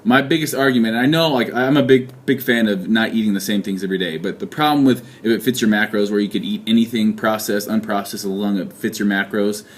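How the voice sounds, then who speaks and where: A man's voice: lowish voice, quick pace, hardly any pauses. A young man talking casually in a video diary, joking and poking fun at himself as he rambles. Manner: joking, rambling, self-mocking. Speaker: fitness vlogger. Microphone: handheld camera.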